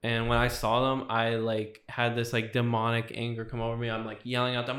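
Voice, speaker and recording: Young male guest, flat delivery, rambling testimony, heavy "like" fillers. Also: medium pitch, a little fast, hardly any pauses. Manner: rambling, fills with 'like' constantly. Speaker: podcast guest. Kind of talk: casual testimony storytelling.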